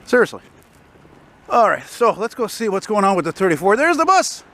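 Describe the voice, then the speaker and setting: Faint city traffic fills the background as a man vlogs his walk through snowy streets, telling a rambling, curse-filled story to his handheld camera. His voice sits high and a bit bright, animated and a little fast.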